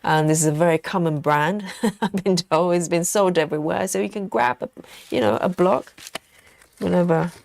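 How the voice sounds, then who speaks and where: This woman's voice sits on the low side, with vocal fry and a darkish tone, moving at normal speed. She hosts a relaxed cross-stitch livestream, giggling and chatting, nibbling chocolate as she reads out what viewers write.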